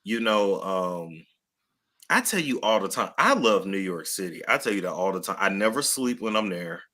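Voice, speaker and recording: Man co-host, low voice with a very bright edge, slangy and relaxed. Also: normal speed. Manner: laid-back, slangy, chatty. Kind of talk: casual chat.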